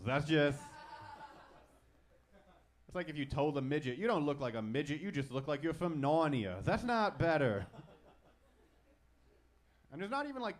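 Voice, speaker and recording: Young man with a lisp doing stand-up. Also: mid-range voice. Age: 20s. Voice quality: speech impediment with a lisp and stutter. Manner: self-deprecating, crude punchlines. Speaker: stand-up comedian. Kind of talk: stand-up comedy set. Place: comedy club stage.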